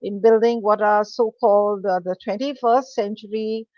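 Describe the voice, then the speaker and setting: A woman moderating a panel, appreciative of the speakers and filling pauses with ums and uhs. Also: mid-range voice, steady tone, dry recording. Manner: warm, appreciative, many fillers. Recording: dry, dull lo-fi sound.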